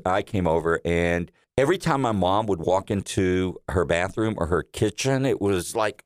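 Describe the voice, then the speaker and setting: A man's voice: low-pitched, expressive, moderate pace, few pauses, no room sound, clean studio sound. A middle-aged man, a radio personality, telling family anecdotes as an interview guest, laughing often and acting out quotes. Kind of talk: casual storytelling.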